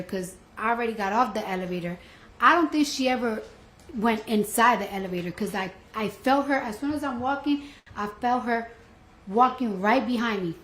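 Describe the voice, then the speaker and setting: A woman's voice: fairly high pitch, fairly bright tone. Blunt woman testifying in an echoey courtroom. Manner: blunt, colloquial, retells events with quoted dialogue. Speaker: trial witness. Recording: echoey courtroom audio with faint noise.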